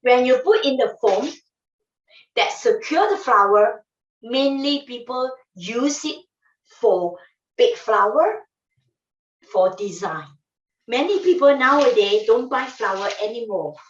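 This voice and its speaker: A woman gives a casual flower-arranging demonstration, speaking emphatically and repeating her phrases in non-standard English. Her slightly high, expressive voice moves slowly with long pauses, recorded in an echoey room through a distant mic with dull sound.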